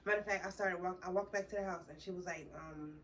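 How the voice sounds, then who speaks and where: A woman's voice: lowish voice, steady tone, quick pace, fairly bright tone, highs cut off. A young woman vlogger tells a heated, rambling, profane story in a casual way. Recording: distant mic with faint background noise.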